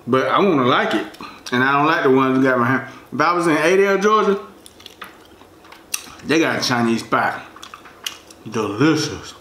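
Man, relaxed slangy mukbang chatter, talks while chewing, roomy echoey room at home. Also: mid-range voice, moderate pace, pauses often. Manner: laid-back, chatty, slangy, talks between bites. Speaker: food vlogger. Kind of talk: casual mukbang chat while eating. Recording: roomy echo.

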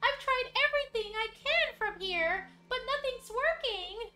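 A woman's voice: expressive, roomy sound, heavily acted. A woman doing a tiny, sweet cartoon mouse girl. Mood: longing. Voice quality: soft, tiny high-pitched voice. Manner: slow, wistful and tender. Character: sweet gentle female cartoon mouse, lost and longing. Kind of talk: reading game dialogue aloud in character.

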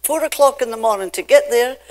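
An older woman from Scotland with a Scottish accent, preaching a sermon from a church pulpit with emphatic, drawn-out phrases that swing between loud and soft. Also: a little high. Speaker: pastor.

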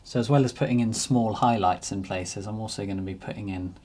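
A man narrating a painting demonstration as he works, relaxed and thinking aloud. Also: fairly low pitch, fairly quick. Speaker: painting teacher.

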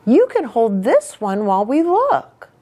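A woman voicing a kind, gentle little fish in a children's storybook reading, very high and patient. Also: huge pitch swings, unhurried, full character voice.

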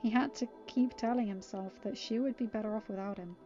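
A woman narrates a storybook, her fairly high voice steady and expressive. The sound is dull and lo-fi, with faint music underneath. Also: fairly quick. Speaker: reader.

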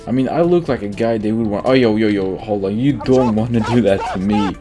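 A young man giving casual, slangy commentary over his own gameplay, excitable and quick to laugh, often repeating himself. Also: lowish voice. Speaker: gaming YouTuber. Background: faint guitar music.

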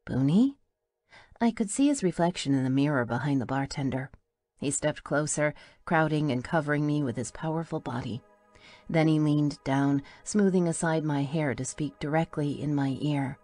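A woman's voice: low voice, normal speed, a little mellow, faint music behind. A woman narrating a first-person audiobook in a wry, playful storytelling manner.

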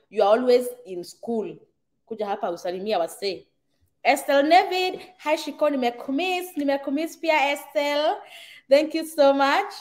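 Kenyan woman, middle-aged, livestream host, slightly high voice, chatty, greets viewers by name. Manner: chatty, reads viewer comments aloud, mixes in Swahili. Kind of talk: casual livestream chat.

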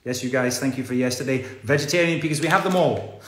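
A man's voice: medium pitch, quick pace, fairly bright tone, echoey room. A man hosting an online gala, chatting playfully and reading out fan messages with joking asides. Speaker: gala host.

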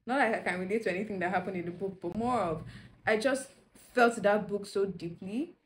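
A woman's voice: medium pitch, a little fast, slight background noise. A young woman vlogging at home, chatting candidly and rambling straight to her viewers. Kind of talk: casual chatty vlog. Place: indoors at home.

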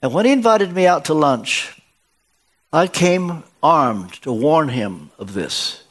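Older preacher telling a story, fairly high voice. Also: male voice, animated, slow, husky. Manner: storytelling, acts out dialogue with shifts of pitch. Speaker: guest preacher. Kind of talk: sermon. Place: church.

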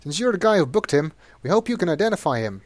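A man's voice: a little high, big pitch swings, fast talker, dry recording, pitched above the performer's own voice. A man doing a slangy, chummy cop. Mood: casual. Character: casual, friendly male police officer.

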